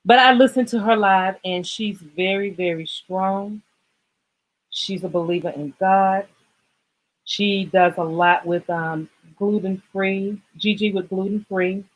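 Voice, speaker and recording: A woman's voice: medium pitch, fairly even intonation, unhurried, poor audio. A woman hosting a casual fitness livestream, talking in a rambling, emotional way, choked up and apologizing as she goes. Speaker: livestream host.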